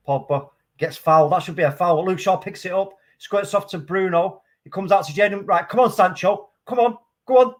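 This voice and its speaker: Male fan-commentator, slightly high voice, excitable, prone to loud outbursts. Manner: excitable, swings from calm play-by-play to loud outbursts. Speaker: watchalong host. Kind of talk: live match commentary.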